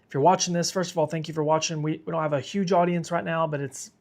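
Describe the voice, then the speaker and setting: A man's voice: on the high side, fairly even intonation, quick pace. A man hosting a live severe weather stream, tired and sick, talking casually and reading viewer comments aloud. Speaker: weather livestream host.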